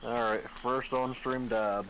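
A man's voice: medium pitch, steady tone, a little slow, noisy background. A man chatting casually while gaming, a jokey storyteller. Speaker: co-player guest.

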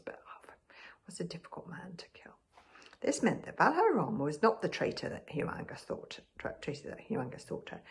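A woman reads a children's novel aloud in a soft voice that keeps sinking into a whisper. Her delivery is gravelly, and her pitch moves a lot as she reads. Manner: soft, often dropping to a whisper. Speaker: audiobook reader.

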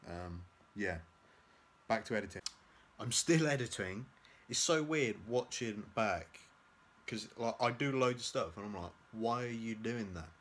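Filming casually at home, indoors and out, a young man vlogs on a handheld camera at arm's length. His voice is fairly low, expressive, unhurried, and a bit bright as he rambles, mocks himself, and uses lots of fillers.

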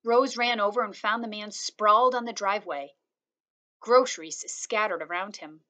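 A woman reading a children's novel aloud, one chapter after another. Her delivery is calm and steady, in a voice of ordinary middle pitch. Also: normal speed. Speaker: reader.

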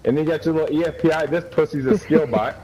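A man's voice: fairly high pitch, fast, lo-fi sound, slight background noise. A young man trash-talking an opponent over game voice chat, taunting, crude and repetitive. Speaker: gamer streaming.

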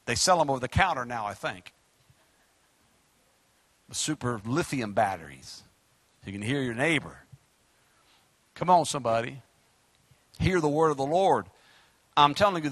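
Man, fiery preacher, bright lively voice, dry close sound. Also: a little high, dry recording. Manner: fiery preaching with sudden shouts and hushed drops. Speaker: pastor. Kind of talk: sermon.

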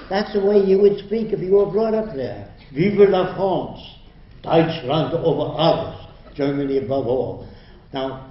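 An older man giving a university lecture in a blunt, emphatic, lecturing manner. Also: fairly high pitch. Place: lecture hall. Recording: roomy, dull lo-fi hall recording.

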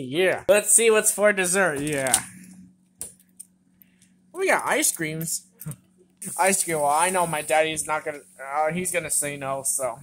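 A woman's voice: on the low side, a little slow. Giddy woman voicing toy characters. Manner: giddy, shrieking bursts of excitement. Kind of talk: toy play-acting with several characters.

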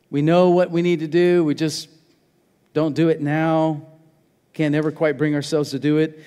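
A man preaching a sermon as a pastor, building to loud, emphatic urgency. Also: on the high side, long reverb tail. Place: church sanctuary.

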